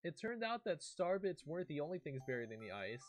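A man's voice: on the high side, big pitch swings, fairly quick. A young man streaming a game, reading a storybook aloud and often breaking off to chat and react.

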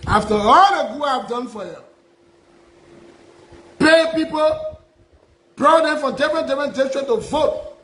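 With an extremely high, sharp voice, a Liberian man styling himself a prophet speaks a little slowly and leaves long pauses. His impassioned address in Liberian English circles through repeated, aggrieved rhetorical questions, and the low-quality recording is reverberant.

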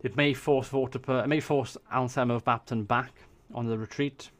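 A man's voice: mid-range voice, steady tone, moderate pace. A Welsh man casually thinking aloud as he commentates a strategy game, swearing when surprised. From Wales. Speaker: gaming YouTuber. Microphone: desk USB microphone.

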